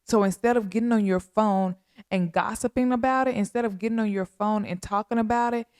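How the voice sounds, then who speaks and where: A woman's voice: mid-range voice, a little fast, darkish tone, no echo. Earnest woman with a dry close sound. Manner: earnest, repetitive, pleading. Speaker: podcast host. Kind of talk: heartfelt spoken appeal.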